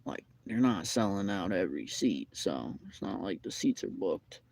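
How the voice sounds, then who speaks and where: A young man chats on a live stream, telling a long, looping story full of fillers and repeats. His voice sits low and has a gravelly edge, and the tone is dark and mellow. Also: animated, moderate pace, a little hiss or hum. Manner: rambling, repetitive storytelling with many fillers. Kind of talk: casual live-stream chat. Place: McDonald's restaurant.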